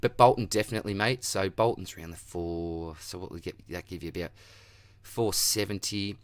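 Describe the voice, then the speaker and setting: An Australian man hosting a casual Q&A that answers viewer comments, with a relaxed, matey manner, calling everyone mate and buddy. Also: sits low, moderate pace, dry recording. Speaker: fantasy football channel host.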